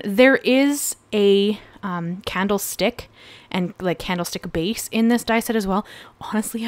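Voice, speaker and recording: A woman's voice: medium pitch, no echo. A woman narrating a card-making tutorial in a casual, rambling voice-over, correcting herself often. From Canada. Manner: chatty, rambling, with fillers and self-corrections.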